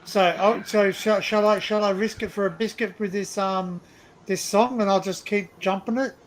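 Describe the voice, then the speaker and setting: A man's voice: high-pitched, fairly even intonation, moderate pace, slight background noise. A man hosting a live stream, chatting casually, joking and rambling and swearing freely. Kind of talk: casual chat.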